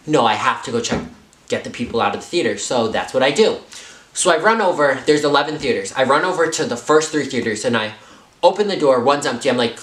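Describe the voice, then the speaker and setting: A young man vlogging a storytime, animated and full of fillers, often jumping up into high voices. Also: a little fast, roomy sound, a little hiss or hum. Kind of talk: storytime vlog.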